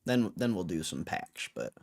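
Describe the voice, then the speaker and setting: A man's voice: deep voice, big pitch swings, normal speed, darkish tone, breathy edge. Laid-back young streamer man. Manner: laid-back, rambling, lots of fillers and slang. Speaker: livestream host. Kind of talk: casual livestream chat.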